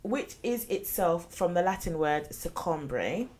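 A woman co-hosting a casual chat show, reading out definitions and adding lively asides. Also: low voice, measured pace. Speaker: podcast co-host.

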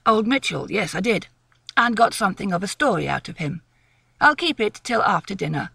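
Lady doing a polite posh young gent, coaxing, bright voice. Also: medium pitch, lively intonation, brisk, vocal fry, slightly rough, no echo, pitched below the performer's own voice, full character voice. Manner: well-spoken, coaxing. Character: young gentleman of the manor, polite and persistent.

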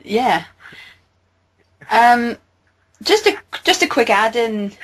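A woman's voice: fairly high pitch, animated, slow pace, fairly bright tone. Giggly woman co-hosting a call. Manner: enthusiastic, giggly. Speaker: co-host. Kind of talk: casual interview chat.

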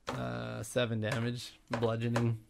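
A man playing a tabletop game, casual and excitable with jokes. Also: medium pitch, a little slow, vocal fry, background noise. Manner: excitable, jokey. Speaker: player.

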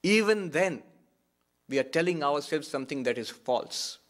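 A monk giving a reflective spiritual talk, repeating key phrases for emphasis. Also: male voice, on the high side, animated, moderate pace, fairly bright tone. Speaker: monk and Vedanta teacher.

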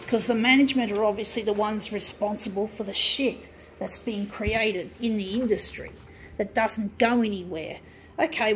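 A woman with a fairly high voice rants heatedly to her viewers, swearing constantly and repeating herself. Faint ambient noise hums behind her. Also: low-quality recording. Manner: heated, profane, repetitive ranting to viewers. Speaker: vlogger. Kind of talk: angry monologue rant.

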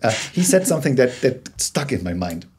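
A man speaks as a guest on a remote interview, his voice slightly husky. He explains in a conversational way, often restarting sentences and sometimes rising into animated bursts. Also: medium pitch, brisk. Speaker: guest, corporate storyteller.

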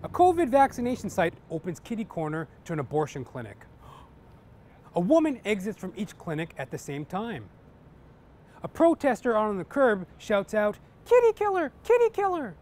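A man's voice: high voice, very animated, normal speed, darkish tone, a little hiss or hum. A man doing stand-up, telling jokes in a rambling way, with constant "you know" asides. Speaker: stand-up comedian.

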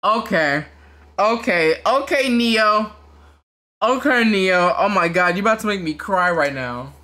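A host reacting to a movie trailer, shouting and crying out in excitement and talking in casual slang. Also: male voice, high voice, unhurried.

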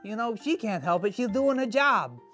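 Someone doing a sulky sarcastic kid for a kids church skit, dry deadpan grumbling, soft music behind. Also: medium pitch, normal speed. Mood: sheepish. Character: sarcastic, easily annoyed kid character in a cowboy outfit. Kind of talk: kids' church video skit.

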